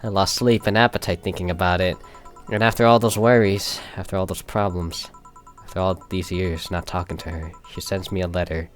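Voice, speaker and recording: Male fan voicing a guarded woman bartender, halting and self-deprecating; low register, faint music underneath. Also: little pitch movement, close to an everyday voice. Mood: exasperated. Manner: halting, stammering, self-mocking. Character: weary young woman bartender, anxious and guarded. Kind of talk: fan voice acting of a visual novel.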